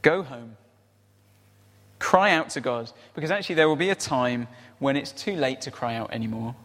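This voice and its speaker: A man's voice: mid-range voice, animated, normal speed, fairly bright tone. A man preaching a conversational sermon, often tossing in rhetorical tag questions. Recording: reverberant hall.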